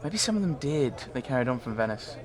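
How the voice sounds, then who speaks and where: A man's voice: mid-range voice, sing-song, fast talker. A man giving casual commentary on his gameplay, rambling and chatty, often mocking himself. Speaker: let's play host.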